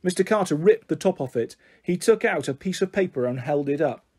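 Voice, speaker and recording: Man, storybook narrator, lively pitch, husky tone. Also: brisk. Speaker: audiobook reader.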